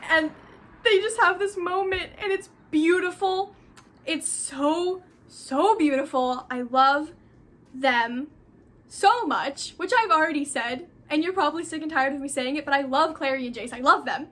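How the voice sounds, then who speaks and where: Bright high-voiced woman gushing over books. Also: normal speed, slight background noise. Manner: gushing, effusive, repeats herself for emphasis. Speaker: book vlogger. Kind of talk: casual rambling book talk.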